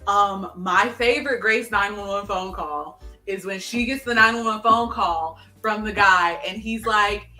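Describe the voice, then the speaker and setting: A woman co-hosting a casual chat, excitedly retelling a TV episode and acting out its dialogue. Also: medium pitch, measured pace, hardly any pauses, roomy sound, far from the mic, faint music behind. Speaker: podcast co-host. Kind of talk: casual chat recapping a TV show.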